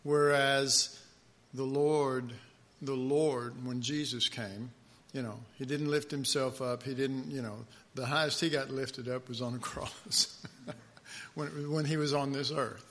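Male pastor, unhurried halting sermon delivery, bright forward tone, stresses scripture words. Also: mid-range voice, fairly even intonation. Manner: halting, many fillers and restarts, reads scripture aloud with emphasis. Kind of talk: conversational sermon.

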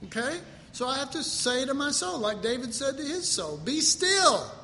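A man preaching a folksy sermon, moving between loud declarations and hushed, quiet passages. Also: very high voice, sing-song, moderate pace, long reverb tail. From Texas. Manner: folksy, self-deprecating, swings from loud to hushed.

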